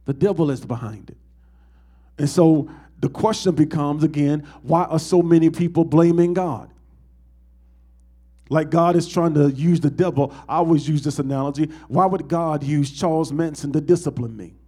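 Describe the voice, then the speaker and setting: A man's voice: a little high, fairly even intonation, normal speed, mellow, breathy edge. A man, a pastor, preaching a sermon to his congregation and asking them call-and-response questions.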